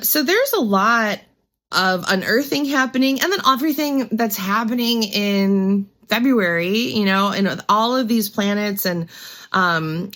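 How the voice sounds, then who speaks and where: A woman's voice: mid-range voice, a bit bright. Chatty woman giving a spiritual reading. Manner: rambling, filler-heavy, often asks "right?". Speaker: spiritual reader, channel host. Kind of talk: casual spiritual reading talk.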